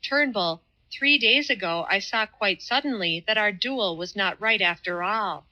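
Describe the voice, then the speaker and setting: An earnest, devout man, read by a woman narrator in an audiobook, who speaks with deliberate, fervent care as if hauling the truth out word by word. The voice is bright and clear-toned. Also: mid-range voice, rough recording. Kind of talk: audiobook reading.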